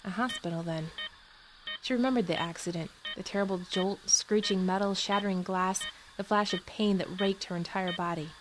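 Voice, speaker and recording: A woman narrating a short story in a soft, measured reading voice. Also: mid-range voice, fairly even intonation, background noise. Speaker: story reader. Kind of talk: audiobook narration.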